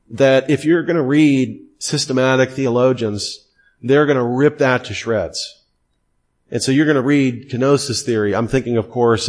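A middle-aged man teaching a theology class, asking pointed questions and repeating key terms for emphasis. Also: medium pitch.

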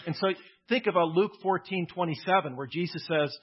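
Guy preaching a sermon, chatty and plain, kinda husky voice, muffled lo-fi recording. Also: high-pitched, fairly quick, few pauses. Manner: conversational, plainspoken preaching with casual asides. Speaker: pastor.

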